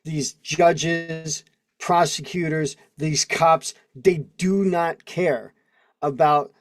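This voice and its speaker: Guy in his 40s rambling on a call stream, kinda high voice, dry close mic. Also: slow pace, no room sound. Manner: chatty, rambling, laughs often, reads case text aloud. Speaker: host. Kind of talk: casual legal commentary livestream. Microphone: video call mic.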